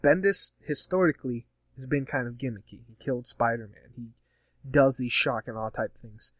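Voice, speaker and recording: A man's voice: medium pitch, animated, moderate pace, dry recording. A man with a mid-range voice gives his frank opinion in an easygoing chat. He speaks plainly and directly. The recording is dry and close. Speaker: comics podcast co-host. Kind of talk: casual chat.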